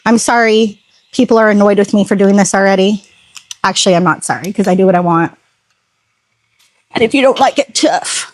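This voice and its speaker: A woman's voice: mid-range voice, a little fast, long pauses, no echo. A woman chatting casually to her phone camera outdoors while detailing a car, sassy and prone to ranting asides. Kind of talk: casual vlog chat. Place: outdoors at home, driveway. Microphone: phone camera on a tripod.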